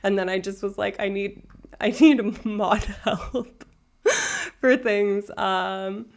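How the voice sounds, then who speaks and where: Chatty woman streamer with a gravelly edge. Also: mid-range voice, fairly even intonation, takes it slowly, darkish tone. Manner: chatty and swears freely, with frequent ums. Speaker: streamer discussing neuroscience. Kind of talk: casual live-stream chat.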